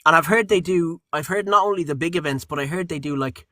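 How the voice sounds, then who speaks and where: A young Irish man, a voice actor being interviewed, telling stories in a lively way, acting out quotes and swearing casually. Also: on the high side, fast talker, no room sound. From Ireland. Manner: animated storyteller, acts out quotes, swears casually. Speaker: guest voice actor.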